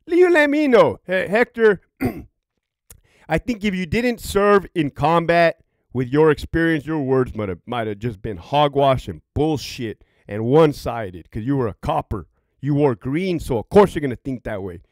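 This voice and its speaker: A man's voice: a little high, animated, a little slow, dry recording, studio quality. A middle-aged man, a former prison guard and veteran, telling stories in a profane, rambling, casual way. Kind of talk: casual vlog storytelling.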